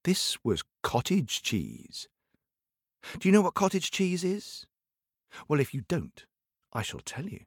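A man telling a folk tale to children in a playful, expressive way, speaking straight to his listeners. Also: on the high side, slow, long pauses, breathy edge, no room sound, clean studio sound. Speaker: storyteller. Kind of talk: animated storytelling for children.

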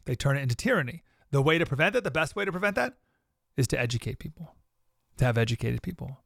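Gravelly-voiced man hosting a podcast. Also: on the high side, a bit bright, dry recording, studio quality. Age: adult with a young child. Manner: conversational, quotes scripture, talks to listeners directly. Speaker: podcast host. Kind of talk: reflective podcast monologue.

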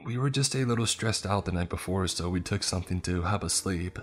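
A frightened, tearful mother, played by a man in a narrated horror story. He pushes his voice well up in pitch for her pleading apologies. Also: fairly quick, faint music behind, close to an everyday voice. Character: terrified guilt-ridden mother, crying.

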